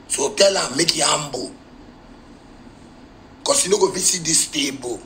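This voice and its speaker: A musician with a Ghanaian Pidgin English accent rants in a live video, confrontational and heated. His voice sits a little high and pushes hard with a tense, bright edge. Now and then he breaks into outright shouting. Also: a little slow, long pauses, a little hiss or hum, poor audio.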